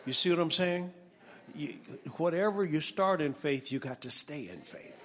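A male preacher giving an animated sermon with a personal testimony, calling out to his congregation and building to shouts. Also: a little high, normal speed. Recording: long reverb of a large hall.

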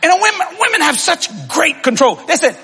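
A man preaching a humorous sermon to a congregation, telling comic stories, laughing and often shouting. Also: extremely high pitch, big pitch swings, moderate pace, long reverb tail. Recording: live audience laughter and room noise.

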